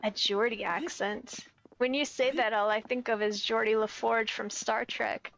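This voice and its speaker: A woman's voice: on the high side, fairly even intonation, unhurried, vocal fry, fairly bright tone, lo-fi sound, a little hiss or hum. An American woman streaming a game, chatting casually with viewers, reading their messages and often searching for her words. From United States. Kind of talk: casual chat with viewers while gaming.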